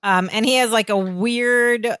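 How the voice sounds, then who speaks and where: A woman's voice: fairly high pitch, fairly even intonation, measured pace, a bit bright, clean tone, dry recording, clean studio sound. A woman co-hosting a podcast, chatting casually about a sitcom episode and explaining old references with easy fillers. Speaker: podcast co-host. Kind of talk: casual recap chat.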